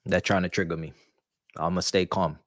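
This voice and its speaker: A man's voice: low-pitched, steady tone, normal speed, no room sound. A man hosting a live football watch-along, ranting in frustration and dropping into muttered asides. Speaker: live stream host.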